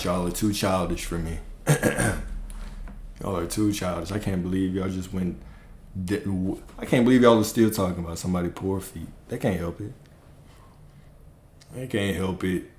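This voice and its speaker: A man chatting on a livestream, speaking in a slow, lively voice that swings up and down. He jokes and curses freely and laughs a lot. The room around him sounds echoey. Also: low-pitched, slight background noise. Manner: profane, joking, laughs often, slow drawl. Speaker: livestream host. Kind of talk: casual comedic livestream chat.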